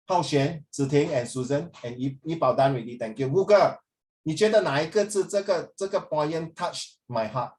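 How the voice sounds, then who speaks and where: An animated man teaching a class in a Singaporean English accent, his voice sitting a little high for a man. He coaxes and praises his students, switching freely between English and Mandarin. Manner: animated, mixes English and Mandarin, coaxing and emotional.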